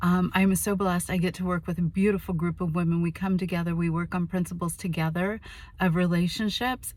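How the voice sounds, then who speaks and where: A woman's voice: lowish voice, a little mellow, no room sound. A woman relationship coach telling a story to camera in a chatty, self-deprecating way, with fillers and asides.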